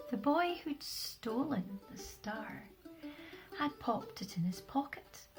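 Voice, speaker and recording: Lively woman telling a story. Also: on the high side, poor audio. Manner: lively, dropping to soft whispers. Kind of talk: children's story narration.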